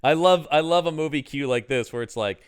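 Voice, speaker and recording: A man's voice: on the high side, brisk, clean tone. A man co-hosting a comedic movie review podcast, joking and acting out scenes in silly voices. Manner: jokey, acts out bits in silly voices. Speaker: podcast co-host.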